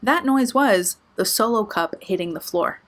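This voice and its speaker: A woman's voice: medium pitch, lively intonation, normal speed. A young adult woman vlogger telling a story in a casual way, swearing a lot and using many filler words. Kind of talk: storytime vlog.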